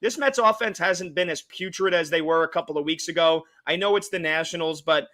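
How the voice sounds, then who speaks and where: A man's voice: fairly high pitch, a little fast, a bit bright. A man hosting sports betting radio, explaining a pick in a rambling, filler-heavy way. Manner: rambling, with many fillers and restarts. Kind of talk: casual betting analysis.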